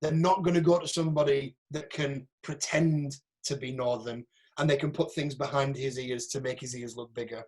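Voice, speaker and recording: A man's voice: medium pitch, steady tone, normal speed, darkish tone. A man with a Northeast English accent, an acting agent, giving a frank, chatty online workshop over a video call and picking apart audition clips.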